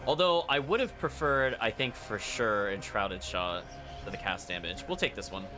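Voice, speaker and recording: A man's voice: on the low side, normal speed. Chatty man commenting on his gameplay. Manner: chatty, analytical, uses fillers like 'like'. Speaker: streamer. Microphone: headset. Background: game music.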